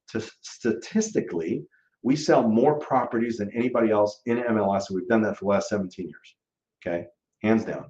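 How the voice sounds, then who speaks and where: Man, real estate broker, emphatic casual rant, lowish voice, roomy room. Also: muffled recording. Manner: emphatic, animated, acts out clients' thoughts. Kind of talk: casual ranting monologue to camera.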